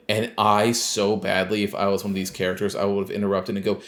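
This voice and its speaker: A man's voice: on the low side, fast, hardly any pauses. A man co-hosting a podcast, casually recapping a game and acting out scenes in snarky mock voices. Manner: animated storyteller who acts out scenes in snarky mock voices. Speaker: podcast co-host.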